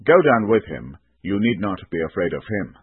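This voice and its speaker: Angel giving orders man reading it, low voice, tinny lo-fi audio. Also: big pitch swings, normal speed, breathy edge, no echo. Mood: commanding. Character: male angel giving commands. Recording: tinny band-limited recording.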